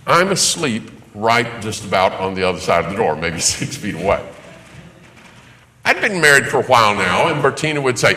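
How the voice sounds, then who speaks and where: Animated preacher in a reverberant hall. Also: male voice, medium pitch, moderate pace, slight background noise. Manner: animated storyteller, acts out voices, laughs. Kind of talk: sermon storytelling.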